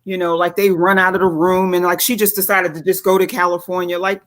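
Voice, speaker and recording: Animated mocking woman gossiping. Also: on the low side, a little fast. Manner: animated, mocking, laughs often. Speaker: co-host of a commentary chat. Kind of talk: casual gossip commentary.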